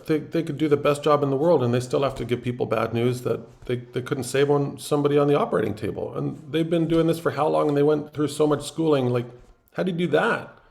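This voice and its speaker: A man's voice: a little high, creaky, darkish tone. A man hosting a coaching call, speaking emphatically and acting out people's reactions. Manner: emphatic, acts out others' reactions. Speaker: coach and host.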